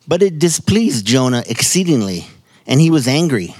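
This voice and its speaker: An American man reads scripture in a measured, earnest voice and then leads a prayer. The sound is close and dry, with no room echo. His pitch is ordinary and middle. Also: big pitch swings, a little mellow. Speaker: church member leading scripture reading and prayer. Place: church sanctuary.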